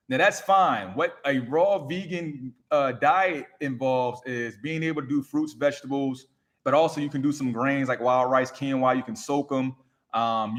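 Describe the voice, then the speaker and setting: A man giving an emphatic, repetitive motivational coaching talk on a live stream, speaking into a microphone. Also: mid-range voice. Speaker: raw vegan coach.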